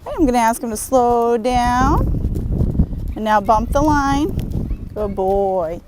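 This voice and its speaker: In an outdoor arena, a woman trainer with a fairly high voice demonstrates work with a young horse. She speaks at a measured pace, calm and patient, mixing steady instructions with gentle praise, while hoofbeats and other background noise come through.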